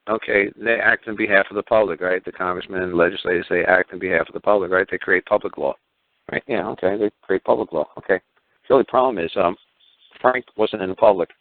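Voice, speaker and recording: Low-voiced man, heated profane call-in rant, lots of rhetorical questions; tinny phone audio. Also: no echo. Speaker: guest speaker on a call-in show. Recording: dry tinny phone line.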